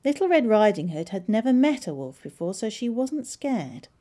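A woman librarian narrating a children's storybook in an expressive, measured way. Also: mid-range voice.

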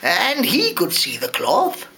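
A man reading aloud, voicing a vain and foolish emperor with eager, high theatrical squeals. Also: huge pitch swings, slow, bright, forceful tone, heavily acted. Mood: eager, flustered.

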